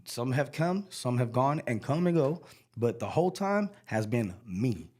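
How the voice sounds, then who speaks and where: A middle-aged man, a country singer, telling stories in a casual interview, slangy and animated, acting out the voices of people he quotes. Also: mid-range voice, measured pace.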